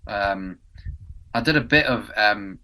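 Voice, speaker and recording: Man, young, English, podcast chat, rambling, lowish pitch, bright tone. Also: takes it slowly. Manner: rambling, many ums and restarts. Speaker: podcast co-host and actor. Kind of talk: casual chat. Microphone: podcast mic indoors.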